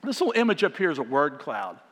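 A man giving a sermon as guest preacher, speaking in a conversational, animated way and often asking the congregation questions. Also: fairly high pitch, fast. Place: church sanctuary. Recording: long hall reverb.

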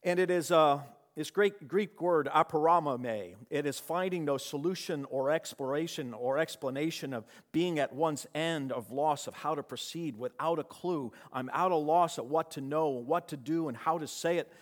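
A man's voice: a little high, moderate pace, hardly any pauses. Man preaching in a reverberant hall. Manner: dynamic preaching, swings from loud to hushed. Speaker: pastor. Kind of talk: sermon.

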